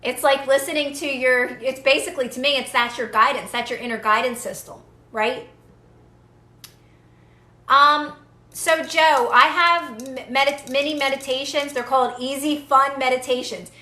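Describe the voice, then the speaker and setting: A woman's voice: sits high, fairly even intonation, normal speed, bright, forceful tone, reverberant. A young woman giving casual, earnest manifestation advice to viewers on a live stream, repeating phrases for emphasis.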